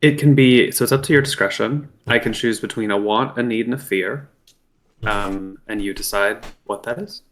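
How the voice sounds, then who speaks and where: A man's voice: on the low side, normal speed, fairly bright tone, slight background noise. A man playing a tabletop game, explaining his character casually with lots of fillers. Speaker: player.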